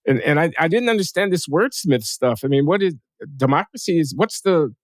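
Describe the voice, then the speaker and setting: A man hosting a conversation, speaking in a measured, deliberate way with frequent hesitations. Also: on the high side, lively intonation, no echo. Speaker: host. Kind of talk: conversational discussion.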